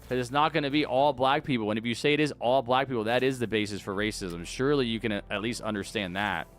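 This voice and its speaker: A man's voice: medium pitch, fast talker, soft background music. A young man streaming a game at home, talking casually into a desk mic and arguing back at his chat with rambling restarts. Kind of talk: live-stream chat while gaming.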